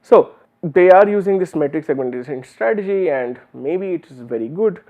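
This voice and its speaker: Male lecturer with an Indian English accent, slightly high voice, explanatory and full of fillers; narrow, phone-like recording. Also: expressive, moderate pace. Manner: explanatory, uses many fillers and restarts. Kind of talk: university lecture.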